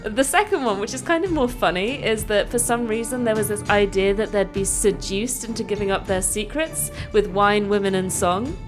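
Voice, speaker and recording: A woman's voice: medium pitch, normal speed, hardly any pauses, over music. A woman co-hosting a podcast, telling a history story in a chatty, playful way. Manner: chatty, playful, many fillers. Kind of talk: casual storytelling chat.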